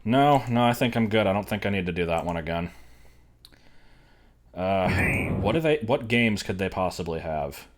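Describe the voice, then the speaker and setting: Low-voiced, dry-talking male streamer. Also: animated, moderate pace, noisy background. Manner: dry, offhand, rambling. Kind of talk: casual live-stream commentary.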